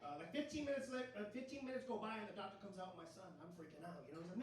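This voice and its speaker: A man's voice: high-pitched, racing. A man in his thirties doing a casual, self-mocking stand-up set, swearing freely and saying "bro" often. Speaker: stand-up comedian. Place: comedy club stage. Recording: echoey room, distant mic, noisy.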